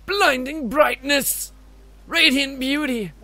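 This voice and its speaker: A man's voice: very high-pitched, takes it slowly, gravelly, sharp tone, pitched above the performer's own voice, full character voice. A man voicing a flamboyant male fish-man obsessed with diving, with a put-on Scottish accent and a grandiose, exclamatory manner. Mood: ecstatic. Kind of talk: reading game dialogue aloud.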